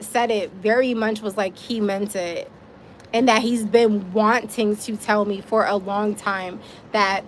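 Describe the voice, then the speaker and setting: Animated woman telling a story. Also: medium pitch, slight background noise. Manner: animated, emphatic storytelling with laughs and swearing. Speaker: livestream host telling her own story. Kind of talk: casual storytelling livestream.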